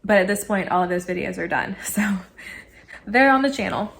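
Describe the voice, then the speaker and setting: A woman in her thirties casually telling a story to camera, animated and laughing, acting out her own excited quotes. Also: medium pitch, a little fast, creaky. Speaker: vlogger.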